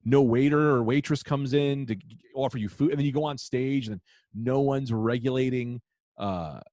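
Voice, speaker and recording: A man, a comedian guest, telling heckler stories in casual podcast chat, profane and animated. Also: medium pitch, moderate pace, no room sound, clean studio sound. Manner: profane, animated, acts out shouted quotes.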